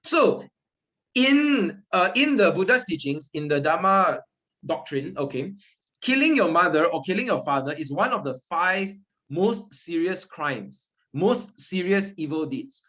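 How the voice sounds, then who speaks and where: A man's voice: high voice, big pitch swings, a little slow, pushed and bright. A man teaching a Buddhist story class, conversational, often checking in with his listeners. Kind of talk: interactive Dharma class.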